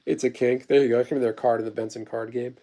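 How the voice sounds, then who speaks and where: This thirtysomething livestream host speaks fast in a mellow, mid-range voice with flat delivery. Responding to chat messages, he wanders through stories and blunt, profane takes.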